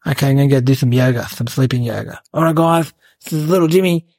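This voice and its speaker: A mischievous little boy with a low, gravelly, husky voice, played by a woman, rambling through his story with deadpan childlike logic. The sound is dry and close. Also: fast, dry recording. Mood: cheeky. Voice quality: creaky, husky. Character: cheeky mischievous little boy, clueless and carefree. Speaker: podcast comic character narrator. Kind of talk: comic character monologue.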